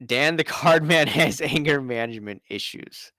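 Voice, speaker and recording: A man's voice: mid-range voice, moderate pace, bright, forceful tone, dry recording. A man hosting a casual live stream, chatting and reading out viewer comments in a rambling way.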